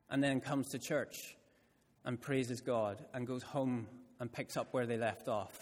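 A male preacher with a mid-range voice delivers his sermon with storyteller's expression. He leans into important phrases by drawing them out slowly. His voice rings out with a long reverb tail through a church hall. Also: medium pitch.

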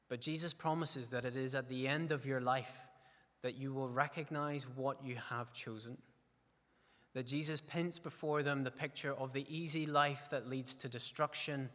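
Male pastor, crisp bright tone, sermon in a reverberant church hall. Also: mid-range voice. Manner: earnest, building to emphatic peaks.

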